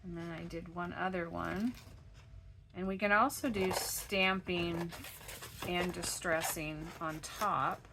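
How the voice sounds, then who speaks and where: Woman w a froggy gravelly voice doing a chatty craft tutorial at her desk, kinda lowish, some noise behind. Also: fairly even intonation, slow. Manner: chatty step-by-step explaining while working. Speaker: craft channel host.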